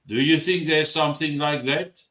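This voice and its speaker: A man hosting a live discussion, asking long, slow questions and sometimes searching for words. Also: a little high, fairly bright tone, echoey room, low-quality recording. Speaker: host of a live discussion show. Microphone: video call.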